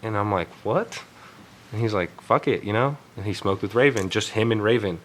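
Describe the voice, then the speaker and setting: A man's voice: on the low side, fast, low-quality recording. A young man telling a story in casual chat, profane and rambling, full of fillers. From Texas. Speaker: guest tattoo artist.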